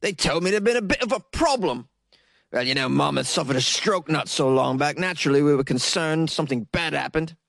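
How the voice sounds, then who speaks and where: A man's voice: animated, a little fast, gravelly, a bit bright, no room sound, studio quality. A man voicing an exasperated working-class English son, in a put-on English accent, indignant and raised. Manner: raised, indignant, rising pitch.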